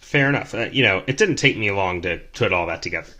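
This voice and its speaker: Young guy telling a story on his podcast, low-ish voice that swings all over, lots of ums. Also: moderate pace. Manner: animated, chatty, many fillers. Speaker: podcast host, rideshare driver.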